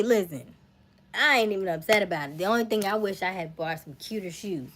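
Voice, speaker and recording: Livestream host, woman, lively casual storyteller who laughs often. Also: mid-range voice, fast talker. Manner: animated, laughing, acts out voices.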